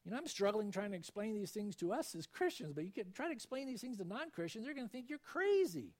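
A man preaching a sermon, quoting scripture and slowing down to stress key points. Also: high voice. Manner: animated preaching, quoting scripture, slows for emphasis. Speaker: pastor.

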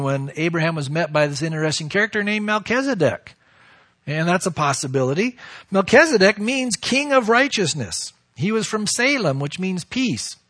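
Bright high-voiced man preaching. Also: no room sound, clean studio sound. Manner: expressive preaching, acting out quoted voices. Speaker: pastor. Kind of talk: sermon.

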